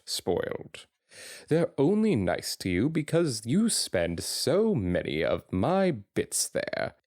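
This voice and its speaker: A blunt, dryly sarcastic rich stallion pony, read by a man in a dramatic fanfiction reading. His voice is very low and unhurried, with lively pitch swings. The sound is dry and close. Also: dry recording, heavily acted.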